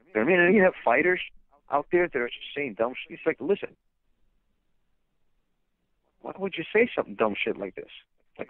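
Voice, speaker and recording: A man's voice: on the high side, lively intonation, a little fast, pauses often, no echo. Ranting man on a tinny phone line. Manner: blunt, ranting, many fillers. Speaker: fighter's manager. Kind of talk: phone interview.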